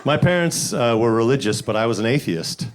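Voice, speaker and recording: Animated New stand-up comic. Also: male voice, a little fast, a faint crowd. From the Bronx, New York. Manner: deadpan setups, jumping to loud high voices for punchlines. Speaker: stand-up comedian. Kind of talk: stand-up set. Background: audience laughter.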